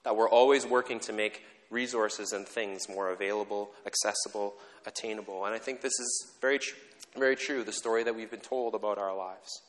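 A man's voice: fairly low pitch, steady tone, a little fast. A man giving a conversational sermon as pastor, earnest and reflective, explaining ideas step by step. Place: church sanctuary. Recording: long reverb of a church hall.

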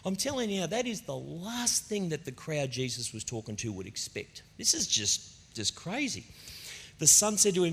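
Lively pastor preaching in a hall. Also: male voice, on the high side, moderate pace, creaky, husky. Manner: animated, conversational storytelling preacher. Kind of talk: sermon. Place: church auditorium. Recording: long reverb of a church hall.

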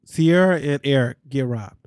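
A man's voice: medium pitch, normal speed, darkish tone, no room sound, studio quality. A man hosting a podcast, recapping reality TV in a candid, slangy way with asides to his listeners. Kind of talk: casual chat.

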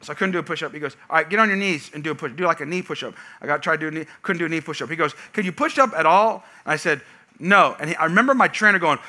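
A man preaching to his congregation with a high, piercing, very bright voice. He tells stories in a lively, animated way and breaks into loud shouted lines for comic effect. He sounds like a young father in his thirties. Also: quick pace. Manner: energetic storytelling, shouting punchlines. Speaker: pastor. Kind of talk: sermon.

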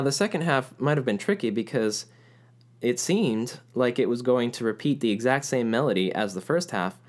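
A man narrating a music lesson in a clear, explanatory way, now and then chanting rhythm syllables aloud. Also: medium pitch. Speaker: music teacher.

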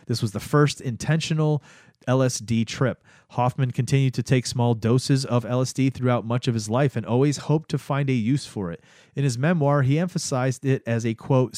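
A man's voice: mid-range voice, darkish tone, no room sound, studio quality. A man hosting a casual history-of-the-day podcast, rambling with many fillers and restarts. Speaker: podcast host.

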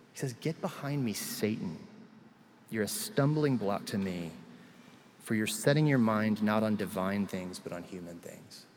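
A man preaching a sermon at a middle pitch, telling a scripture story like a friendly chat and dropping in casual asides. His voice rings out with a long reverb from a big church hall, with a faint hum of room ambience underneath. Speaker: pastor.

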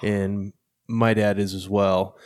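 A man's voice: on the low side, level tone, slow pace, a little mellow, smooth, no echo, studio quality. A man hosting a podcast interview, asking long, winding questions in a laid-back way. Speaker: podcast host. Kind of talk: casual interview.

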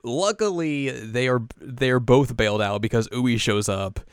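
A man's voice: mid-range voice, unhurried, smooth, dry recording, clean studio sound. A man hosting a podcast, recapping an anime episode in a rambling, chuckling casual chat. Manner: rambling, chuckling, self-correcting. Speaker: podcast host.

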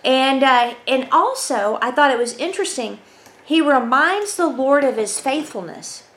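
A woman giving a conversational Bible teaching, reading scripture aloud and often checking in with her listeners with a quick "right?". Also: high voice, expressive, fairly bright tone. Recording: roomy echo, faint background hum.

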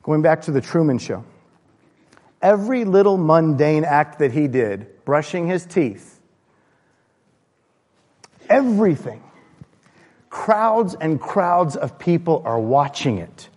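A man preaching a sermon, impassioned, swinging from loud raised bursts to low hushed lines. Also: sing-song, slow, pauses often. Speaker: pastor. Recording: long hall reverb.

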